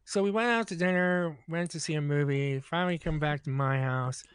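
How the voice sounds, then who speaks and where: A man's voice: a little high, brisk, clear, resonant tone, no room sound, clean studio sound. A man casually telling a long anecdote on a podcast, acting out both sides of the dialogue. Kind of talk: casual storytelling.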